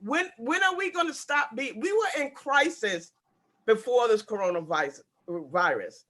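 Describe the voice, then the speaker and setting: A woman's voice: on the high side, expressive, measured pace, fairly bright tone. A woman in her sixties making an emotional public comment on a video call, upset and pleading, repeating herself. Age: 60s. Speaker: public housing resident speaking at a community board meeting.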